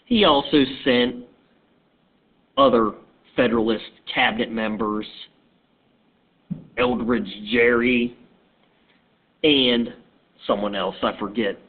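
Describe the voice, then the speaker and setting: A man teaching history as a casual story, talking in a halting, conversational way, recorded on a tinny phone-like line. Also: mid-range voice.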